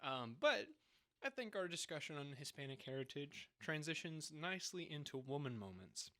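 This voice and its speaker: A young man co-hosts a podcast, chatting casually and sarcastically and often laughing as he mocks what he describes. His fairly high voice is sing-song, pushed and bright, at normal speed.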